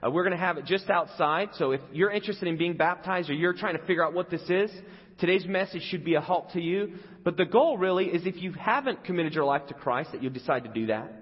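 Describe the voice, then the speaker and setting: A man's voice: high voice, animated, quick pace, slightly rough. A man in his thirties giving a conversational sermon as pastor, telling stories and acting out the people in them. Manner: conversational, playful storytelling with quoted voices. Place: church sanctuary. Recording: lo-fi sermon audio in a reverberant hall.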